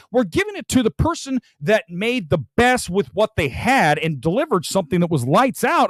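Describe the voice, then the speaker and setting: A man's voice: high voice, no room sound. A man hosting a live-streamed movie talk show, opinionated and rambling, talking straight to his chat. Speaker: film channel host.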